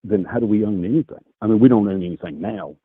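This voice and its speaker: Hesitant caller guy on a thin phone line, lowish voice, stumbles and repeats words. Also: fast talker, breathy edge, no room sound. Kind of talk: call-in political debate.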